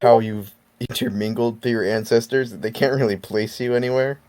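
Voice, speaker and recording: A man's voice: mid-range voice, steady tone, brisk, a little mellow. A man guesting on a podcast in casual banter, wry and laughing between lines.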